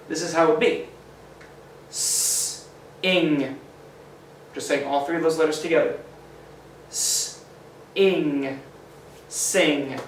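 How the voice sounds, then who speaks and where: In a roomy, echoing recording with some hiss or hum, a man whose voice sits on the high side slowly sounds out letters for children. He keeps encouraging the class as the far-off mic picks him up.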